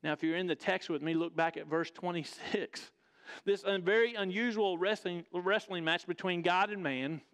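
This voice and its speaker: A man's voice: high voice, moderate pace, fairly bright tone, clear, resonant tone. A man preaching a sermon as pastor, emphatic, asking the congregation direct questions and calling them folks. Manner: calls the listeners "folks". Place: church sanctuary. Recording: long reverb of a church hall.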